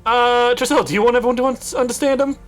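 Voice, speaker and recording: A man's voice: very high-pitched, fairly even intonation, racing. A man casually running a tabletop game as game master, with faint music behind. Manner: casual, laughing.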